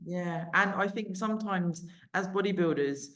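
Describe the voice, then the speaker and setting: A woman's voice: on the low side, normal speed, a bit bright. A woman hosting a podcast, chatting casually with her guest, agreeing often and now and then swearing. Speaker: podcast host. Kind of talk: interview chat.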